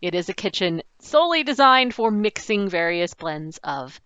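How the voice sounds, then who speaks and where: A woman's voice: medium pitch, big pitch swings, normal speed, fairly bright tone, no room sound, dull audio. A woman running a tabletop game as game master, with playful, teasing rulings.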